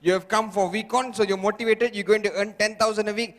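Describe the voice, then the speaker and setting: A man's voice: high voice, steady tone, fast talker, close to an everyday voice. A man voicing a lazy, discouraging inner voice that scoffs at effort and tells the listener to quit. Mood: mocking. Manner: dismissive, coaxing to quit. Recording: long reverb of a large hall.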